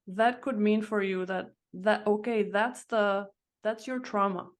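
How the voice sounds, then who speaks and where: A woman's voice: mid-range voice, fairly even intonation, unhurried. A woman in her thirties, a podcast guest, telling her story in a reflective, searching way. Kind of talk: casual interview chat.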